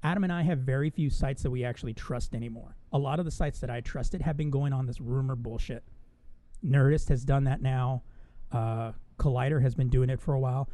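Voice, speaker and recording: A man's voice: mid-range voice, steady tone, brisk, dark tone, dry recording. A man co-hosting a casual podcast, ranting with a lot of swearing and frequent laughs. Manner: profane, ranting, laughs often. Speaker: podcast co-host. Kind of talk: casual chat.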